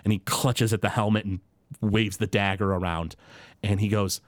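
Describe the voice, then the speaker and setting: A man's voice: on the low side, level tone, normal speed, no room sound. A man narrating as game master of a tabletop game in a casual, rambling way with many fillers.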